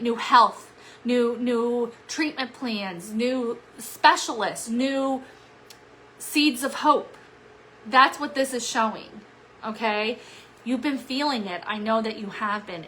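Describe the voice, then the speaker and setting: A middle-aged woman with a fairly high, bright, forceful voice talks straight to her viewers during a live weekly card reading. She is upbeat and emphatic, pressing encouragement and often checking in with "okay?" and "right?". A faint hiss sits under her voice. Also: low-quality recording. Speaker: psychic medium giving a weekly card reading. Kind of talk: live-streamed casual forecast talk.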